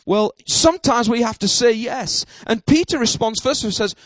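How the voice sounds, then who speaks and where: A man preaching a sermon at a church service, emphatic, with repeated amens and bursts of shouting. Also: sits high, animated, moderate pace, hardly any pauses, no room sound. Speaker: pastor.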